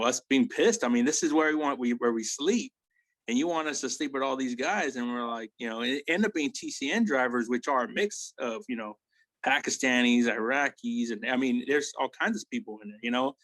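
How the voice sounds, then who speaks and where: A man in his forties tells war stories as a guest, circling back and tossing in "right?" and "you know?" after nearly every thought. He is blunt and swears easily. His voice sits at an ordinary middle pitch and sounds dry and close, with no room around it. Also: a little fast, fairly bright tone, no echo, poor audio. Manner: rambling, tag questions like "right?" and "you know?". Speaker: army veteran guest. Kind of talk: casual war storytelling.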